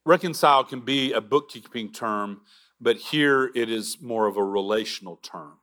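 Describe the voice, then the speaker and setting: A man preaching a sermon as pastor, earnest, with halting restarts and drops to a near whisper for emphasis. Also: mid-range voice, a bit bright.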